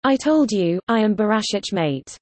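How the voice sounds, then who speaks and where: Lively woman reading example sentences. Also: medium pitch, normal speed, no echo. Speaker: teacher.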